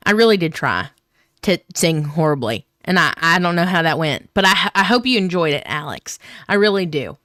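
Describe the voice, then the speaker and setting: A woman's voice: fairly low pitch, expressive, normal speed, a bit bright, dry recording, studio quality. A woman streamer giving casual, joking gaming commentary, loose and profane. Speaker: streamer playing a visual novel.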